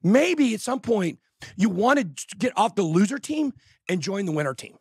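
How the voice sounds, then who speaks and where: Man, very high voice, husky, heated shouting rant, show host. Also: sing-song, moderate pace, no echo, studio quality. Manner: loud, exasperated, insulting, often shouting.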